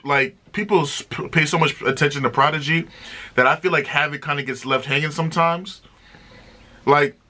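A young man hosting a casual music reaction review, talking in an excitable, slangy, chatty way. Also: a little high.

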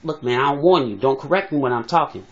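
A man voicing a brash, excitable comic who trash-talks rapidly in an impression. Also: mid-range voice, lightly acted. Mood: bickering. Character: fast-talking, high-voiced comic man, brash and defensive. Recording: dull lo-fi phone recording.

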